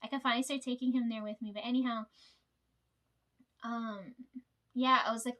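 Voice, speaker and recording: A woman's voice: on the high side, fairly even intonation, normal speed, long pauses, a bit bright. A young woman telling a workplace story to her viewers in a rambling, profane way, leaning on "right?" and "like". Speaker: vlogger.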